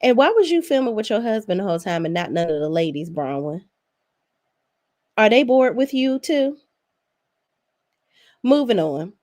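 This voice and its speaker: A woman's voice: medium pitch, very animated, normal speed, pauses often, darkish tone. A woman giving a casual, blunt recap of a reality show, talking sassily and with plenty of profanity, as if speaking straight to the cast. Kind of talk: casual opinionated recap commentary.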